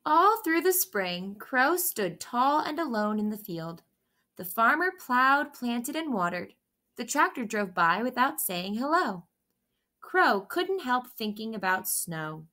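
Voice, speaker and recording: A woman reading a children's picture book aloud in a slow, gentle, expressive storytelling voice. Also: fairly high pitch.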